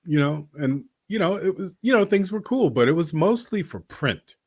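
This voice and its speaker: A man's voice: a little high, lively intonation, normal speed, a little mellow, slightly rough, no room sound, studio quality. A man from Boston, an actor guest telling stories in a casual interview, rambling and laughing often.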